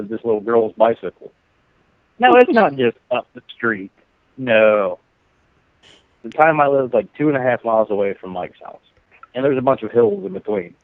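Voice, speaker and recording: A man's voice: mid-range voice, no echo. A man spins a rambling, profane story on a casual podcast and laughs at his own lines. The sound is dry and thin, like a phone line. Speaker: podcast co-host.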